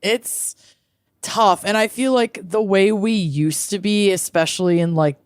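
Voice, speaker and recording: A low-voiced woman in her thirties who chats on a podcast with lots of swing in her pitch. She talks in giggly, chatty bursts and trails off and restarts. Her voice is close and dry, with no room around it. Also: dry recording. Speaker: podcast co-host. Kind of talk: casual chat.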